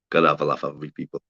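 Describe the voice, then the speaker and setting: A man's voice: very deep voice, creaky, sharp tone, husky. A man hosting a casual livestream, rambling, swearing and bantering with viewers in the chat. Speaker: livestream host. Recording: dull lo-fi stream audio.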